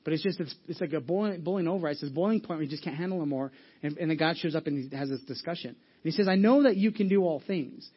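Male pastor, high voice, casual humorous preaching; dull lo-fi church recording. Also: very fast, husky. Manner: conversational, acts out Bible voices with humor. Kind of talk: sermon.

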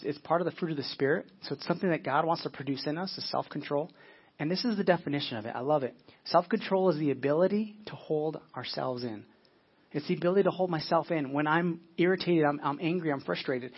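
A man's voice: fairly high pitch, breathy edge, lo-fi sound. A man preaching a sermon as pastor, earnest, often repeating words as he searches for them.

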